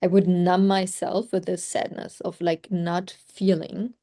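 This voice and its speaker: A German-native woman coaching on a group video call talks in a chatty, reflective manner, full of "like" fillers, in casual conversation. Her delivery is flat and a little slow, with a lowish, warm voice.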